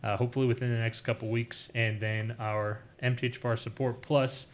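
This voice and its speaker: A man's voice: mid-range voice, flat delivery, fairly quick. A man on staff who answers the host's questions in a plain, matter-of-fact, informative way during a casual live stream. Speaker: staff member helping the host.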